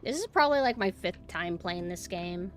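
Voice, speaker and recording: A woman streaming a game and chatting casually with her viewers, swinging between quiet murmurs and loud exclamations. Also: fairly low pitch, animated, normal speed, music in the background. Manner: chatty, talks to chat directly. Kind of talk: casual gameplay livestream chat.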